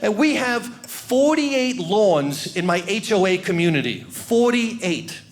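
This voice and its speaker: A male comedian works a stage through a handheld mic. His voice sits high and swings widely, and he talks in an animated way, shouting some lines for effect. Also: slow. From New York. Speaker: stand-up comedian. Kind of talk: stand-up comedy routine.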